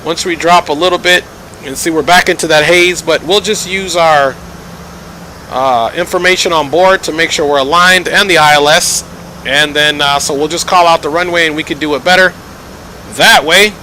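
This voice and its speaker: A man's voice: fairly high pitch, steady tone, moderate pace, bright, forceful tone, a little hiss or hum, poor audio. A man giving chatty live commentary while streaming a flight simulator, joking and thanking viewers as he goes.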